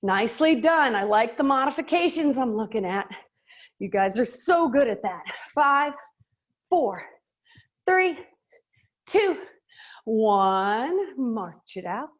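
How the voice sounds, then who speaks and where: A woman's voice: fairly high pitch, expressive, slow pace, pauses often. A middle-aged woman instructing a live workout class, upbeat and joking, counting out reps and slightly out of breath. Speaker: fitness and yoga instructor.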